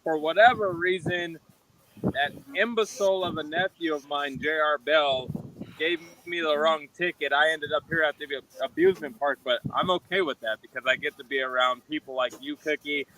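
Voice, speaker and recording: A man's voice: on the high side, normal speed, pushed and bright, a little hiss or hum, low-quality recording. A man guest on a video call, delivering a bombastic, repetitive showman promo. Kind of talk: wrestling promo.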